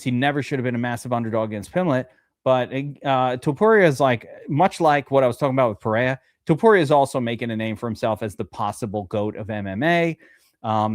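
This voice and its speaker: A man talking fantasy sports on a casual podcast, animated and joking, swearing freely. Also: mid-range voice, dry recording, studio quality.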